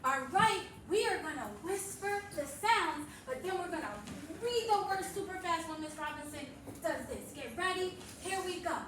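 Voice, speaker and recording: A woman's voice: very high voice, lively intonation, normal speed, hardly any pauses. A woman reading teacher modeling a phonics lesson for other teachers, with upbeat, sing-song call-and-response cues. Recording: echoey room, distant mic, noise.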